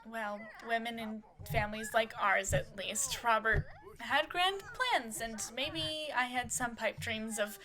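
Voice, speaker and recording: A woman voicing a wistful older mother of grown children in a life-sim soap opera, speaking gently, in a lightly acted voice. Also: a little high, takes it slowly.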